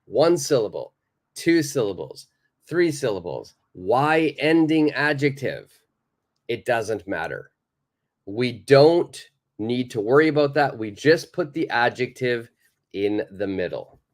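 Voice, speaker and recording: A male English teacher giving a live online grammar lesson. He speaks slowly and patiently, repeating key points. His voice rises and falls a great deal as he stresses each point. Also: mid-range voice, very animated. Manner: slow, explaining patiently with many repeats; reads out and answers viewer questions.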